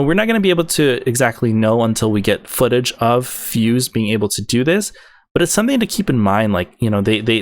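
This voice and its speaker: A man's voice: mid-range voice, dry recording. A man hosting a gaming video, breaking down game updates in an enthusiastic, rambling way with many fillers and restarts.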